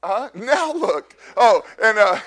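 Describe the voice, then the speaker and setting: Middle-aged male pastor, high voice, loud and animated storytelling sermon, frequent restarts.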